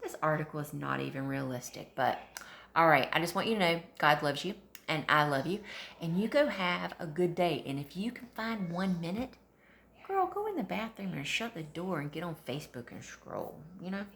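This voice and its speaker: A woman's voice: lowish voice, very animated, normal speed, vocal fry, a bit bright, slight background noise. A woman, chatting and joking to camera as a mom vlogger, full of sassy asides. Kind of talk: comedic casual chat to camera. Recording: roomy echo.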